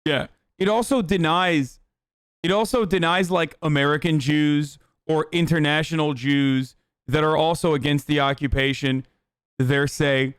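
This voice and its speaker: A man's voice: on the high side, fairly even intonation, measured pace, fairly bright tone, clear, resonant tone, no echo, studio quality. A man hosting a livestream, giving heated, sarcastic political commentary with lots of swearing. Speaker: livestream host. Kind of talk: ranting political commentary stream.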